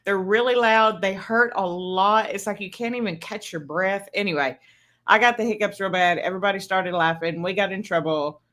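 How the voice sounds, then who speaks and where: A woman's voice: mid-range voice, moderate pace, a bit bright. A woman in her fifties hosts her own birthday livestream in a casual, chatty way. She tells stories, laughs often, and speaks in a mid-range voice. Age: 50s. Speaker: livestream host. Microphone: streaming setup mic.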